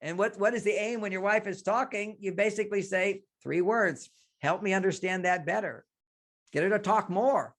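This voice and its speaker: An older man, a relationship expert on a radio interview, explaining ideas through lively stories and acted-out quotes. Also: sits high, normal speed, few pauses. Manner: animated storyteller, acts out quotes, laughs often.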